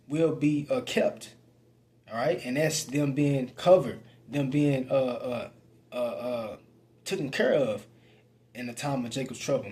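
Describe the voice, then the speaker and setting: Slow halting preacher man. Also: medium pitch, a little mellow. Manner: slow, halting, many fillers and repeated words; reads scripture aloud and comments in casual speech. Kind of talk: sermon with scripture reading.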